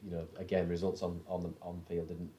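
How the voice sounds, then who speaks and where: Deep mellow English man. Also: level tone, brisk. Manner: brief interjections, trailing tag questions. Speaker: podcast panellist. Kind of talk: casual panel chat.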